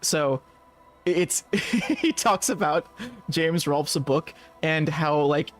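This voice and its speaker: A man's voice: fairly high pitch, slow, faint music behind. A man co-hosting a podcast, chatting casually, laughing often and reading game text aloud. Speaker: podcast co-host playing a game. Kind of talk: casual let's-play chat.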